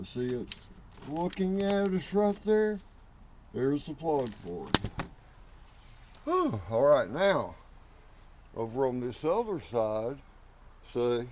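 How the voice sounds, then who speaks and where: A man talks slowly through a truck repair, pointing out parts as he goes and sounding a little out of breath. He speaks at an ordinary pitch with a rambling, offhand manner. The sound is a phone recording made outdoors, with faint noise behind him. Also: darkish tone. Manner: slow, rambling, talks while working. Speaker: home mechanic. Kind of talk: casual how-to video.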